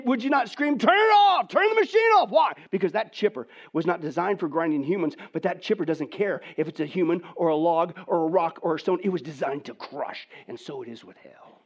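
Dramatic high-voiced preacher, lo-fi. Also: male voice. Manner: dramatic, swinging from hushed near-whispers to loud emphatic preaching; addresses the audience as "folks", rhetorical questions. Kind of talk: sermon. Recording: dull lo-fi recording.

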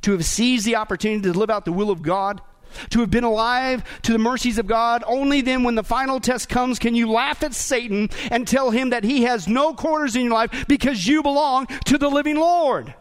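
High-voiced animated male preacher. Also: a little fast, clear, resonant tone. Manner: animated, rising to shouts at climaxes. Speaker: pastor. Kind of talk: sermon.

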